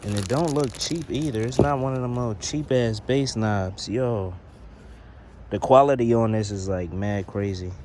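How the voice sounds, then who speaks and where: Standing outside next to a car, a young car audio vlogger unboxes gear on his handheld phone, talking in slangy, profane, easygoing terms. His voice is mid-range with a darkish tone, and there's slight background noise.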